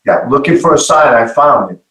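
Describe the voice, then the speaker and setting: A middle-aged man telling a personal testimony in an earnest, halting way, often repeating his words. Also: medium pitch, expressive, reverberant, a crowd in the background, low-quality recording. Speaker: guest giving testimony.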